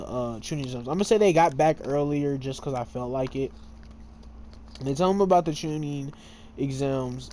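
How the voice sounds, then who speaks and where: A gamer recounts a fan-made story as he plays, speaking casually with plenty of fillers and frequently fumbling names, then fixing them. He has a warm, mid-range voice, and there's slight background noise.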